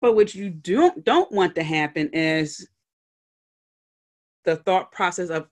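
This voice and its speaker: A woman's voice: sits low, animated, measured pace, pauses often. Chatty podcast woman giving life advice. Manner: conversational, checks in often with "okay?" and "all right?"; acts out little scenes with brief put-on voices. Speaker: podcast host and life coach. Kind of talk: solo podcast talk, motivational advice.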